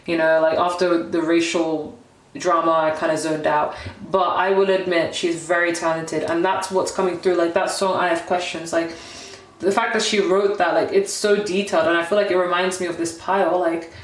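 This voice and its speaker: A woman's voice: on the low side, level tone, normal speed. A woman in her twenties giving a rambling, emotional tarot card reading, full of "like" and apologies. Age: 20s. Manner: emotional, rambling, heavy use of "like". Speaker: tarot reader. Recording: roomy echo.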